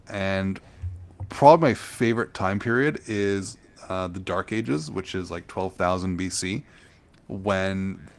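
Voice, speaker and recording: Low-voiced male podcast co-host, rambling casual explainer. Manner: rambling explanations full of filler words. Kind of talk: casual chat.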